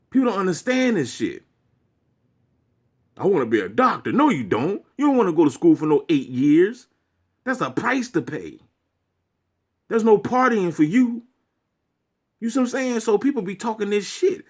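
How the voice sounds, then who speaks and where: A man's voice: fairly high pitch, slightly rough. A man delivering a preachy, profanity-laced rant to his viewers as a vlogger. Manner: preachy, swearing, lecturing.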